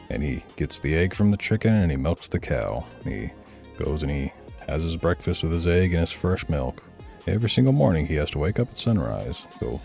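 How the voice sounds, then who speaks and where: Blunt, deep-voiced male streamer ranting. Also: vocal fry, dark tone. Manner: blunt, profane, heated. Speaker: streamer reacting to videos. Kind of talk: casual ranting commentary.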